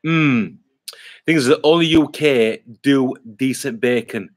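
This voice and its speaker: A man hosts a casual live stream, answering viewer comments as they come in. He rambles, circles back and restarts his sentences, with lots of "uh" and "um" along the way. His voice sits at an ordinary middle pitch. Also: takes it slowly. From England. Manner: rambling, chatty, many fillers and restarts. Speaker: vlogger hosting a live stream.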